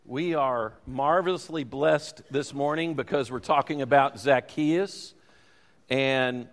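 Chatty pastor in church hall. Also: male voice, fairly high pitch. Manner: informal, chatty, addressing the congregation. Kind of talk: leading a church service. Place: church sanctuary.

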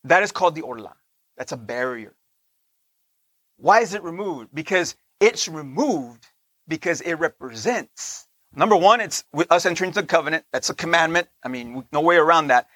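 A man giving a conversational sermon, often checking in with listeners with "right?", slowing down on key points and dropping into soft asides. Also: on the high side, animated, dry recording. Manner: slows down to stress points, laughs between lines. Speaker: teacher of a Torah portion.

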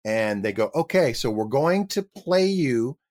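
On an interview show, a middle-aged actor with a mid-range voice recounts a humorous anecdote at an unhurried pace. He's an animated storyteller, voicing the people in it.

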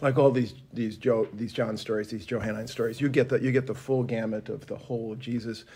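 A man co-hosting a Bible discussion, talking in an expressive way and acting out quotes with big jumps in pitch. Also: a little fast, husky. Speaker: podcast co-host. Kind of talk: animated conversational Bible discussion.

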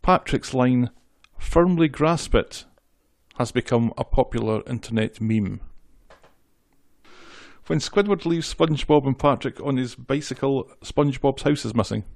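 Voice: mid-range voice, moderate pace, vocal fry, darkish tone, dry recording, clean studio sound. A podcast co-host in casual chat, reading out episode trivia and joking along. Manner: reads trivia notes, jokey, laughs easily.

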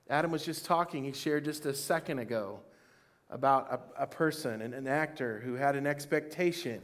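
A man preaching a sermon, reading scripture aloud and asking the congregation questions, with praise lines that rise toward shouting. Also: medium pitch, normal speed. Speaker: pastor.

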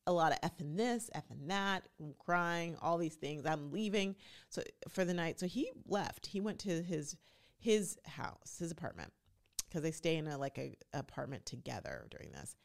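A woman's voice: sits low, moderate pace, gravelly. A woman hosting a podcast, chatting casually and with strong opinions, acting out quotes as she goes. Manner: animated, opinionated, acts out quotes. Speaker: podcast host. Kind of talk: casual recap chat.

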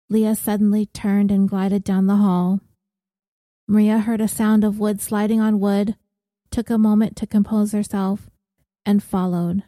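A woman reading a serial audiobook story in a measured, even manner. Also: medium pitch, dry recording, studio quality. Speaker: narrator. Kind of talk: audiobook narration.

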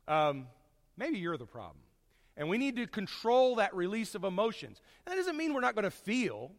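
A man preaching a sermon to his congregation, folksy and storytelling, swinging from loud to hushed. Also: high voice, wildly swooping pitch, normal speed, in a large hall.

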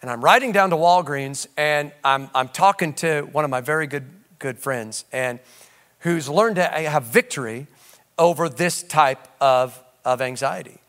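Man, pastor, sermon, high-pitched, ringing bright tone, animated and conversational. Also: unhurried. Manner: animated preaching, swinging from shouts to low asides; conversational storytelling with audience call-outs.

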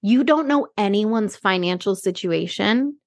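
A woman talks in a loose, chatty way, co-hosting a podcast. She tells her stories with a lot of animation and jumps sharply up in pitch whenever she acts out what someone said. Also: lively intonation, unhurried, vocal fry. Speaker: podcast co-host. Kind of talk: casual chat.

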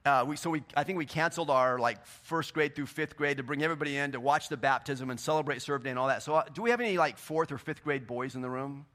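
A man preaching a sermon in a church, swinging between loud, emphatic bursts and quieter scripture reading. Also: mid-range voice, fast talker, hardly any pauses. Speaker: pastor. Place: church sanctuary.

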